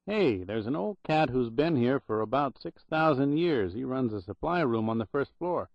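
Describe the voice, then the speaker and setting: A man's voice: mid-range voice, lively intonation, moderate pace, creaky, dry recording. A man voicing a slangy, jaunty young records clerk in an audiobook, on a dull, dry recording. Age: young adult.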